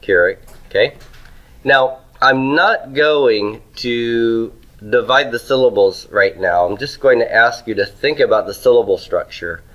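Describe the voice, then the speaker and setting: A man's voice: medium pitch, a little slow, fairly bright tone, lo-fi sound. A man teaching Hebrew grammar in a classroom lecture, asking questions and answering them himself.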